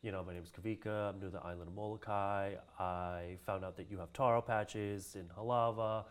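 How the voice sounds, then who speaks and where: A man from Hawaii with a fairly low voice tells a personal story in a relaxed interview. He acts out the people he quotes and laughs often. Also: a little fast, clear, resonant tone. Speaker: guest, Hawaiian cultural practitioner.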